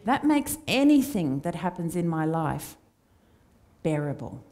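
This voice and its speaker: Woman preacher, lowish mellow voice, chatty storytelling sermon. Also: big pitch swings, unhurried. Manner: conversational, warm storytelling with acted quotes. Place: church.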